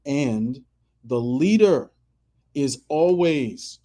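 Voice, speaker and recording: A man's voice: mid-range voice, expressive, very slow, noisy background. A man hosting a motivational radio show, talking emphatically, repeating key phrases and acting out the people he quotes. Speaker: podcast host.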